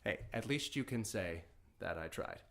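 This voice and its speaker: A man's voice: lowish voice, expressive, moderate pace, vocal fry, a bit bright. A man teaching a casual language lesson to camera, explaining words with playful, wry asides.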